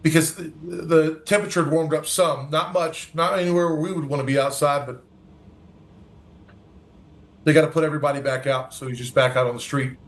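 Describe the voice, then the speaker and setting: A man's voice: fairly high pitch, flat delivery, a little fast. A man, a guest from a recovery organization, telling an earnest story in an interview, acting out dialogue and often restarting his sentences.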